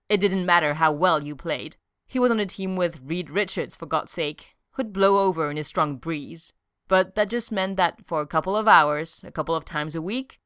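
A woman narrates a story in a measured, even reading. Her voice is smooth and on the low side. The recording is dry and close. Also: dry recording. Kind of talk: audiobook reading of fiction.

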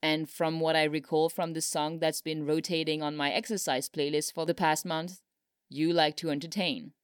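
A woman's voice: low voice, level tone, moderate pace, clear, resonant tone, no echo, studio quality, natural voice. Bartlett, a woman doing a wry old president. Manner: wry, dryly solemn. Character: older male president, dry and folksy.

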